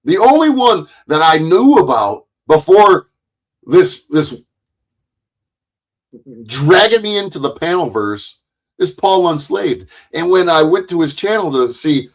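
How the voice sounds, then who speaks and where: A man's voice: on the high side, sing-song, a little slow. A man streaming live, ranting in a profane, rambling and heated way about people who bait him. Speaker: live streamer reacting to clips.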